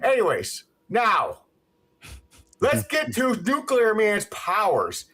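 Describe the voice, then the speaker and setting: Brief: male podcast co-host, angry comic rant, lively swooping pitch, swears constantly. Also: slow pace. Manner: profane, heated, animated ranting with laughs. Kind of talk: casual ranting movie recap. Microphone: home podcast mic.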